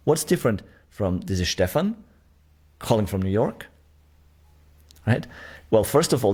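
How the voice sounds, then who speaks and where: A man's voice: fairly low pitch, darkish tone, husky. A man teaching a sales course, demonstrating question tonalities and checking in often with the learner. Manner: talks straight to the learner, checking with "right?". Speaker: sales trainer. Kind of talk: online course lesson.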